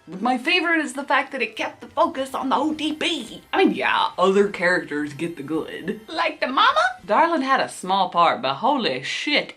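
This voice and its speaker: A woman's voice: on the high side, a bit bright. Gushing, slangy fangirl movie reviewer. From United States. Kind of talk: excited movie review vlog.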